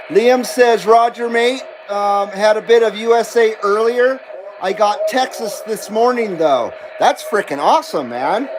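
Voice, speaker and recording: A man with a high voice hosts a CB radio livestream, chatting casually and reading viewer comments aloud in a laid-back, drawn-out way. Steady background noise runs through the recording.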